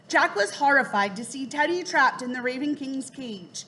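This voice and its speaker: A woman's voice: high-pitched, lively intonation, moderate pace, few pauses, bright, forceful tone. Woman reading a children's storybook aloud. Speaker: narrator.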